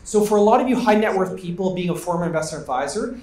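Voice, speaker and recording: A man with a Canadian accent speaking on a conference panel, giving an upbeat, joking sales pitch. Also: lively intonation, fast talker, darkish tone. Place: large conference hall. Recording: echoey hall sound.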